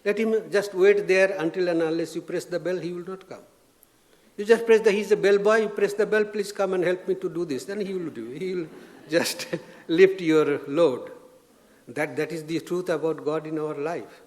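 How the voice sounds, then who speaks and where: A man, a swami, giving an informal spiritual talk, gentle and anecdotal with frequent restarts. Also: high voice, normal speed. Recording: long reverb of a lecture hall.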